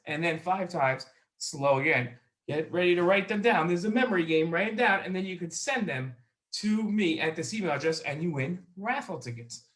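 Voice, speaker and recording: A high-voiced man hosts a children's learning show with an upbeat, eager delivery. His tone is bright and forceful, and he repeats phrases so young viewers can follow. He records it on his own. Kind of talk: children's educational show hosting. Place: alone in a recording space.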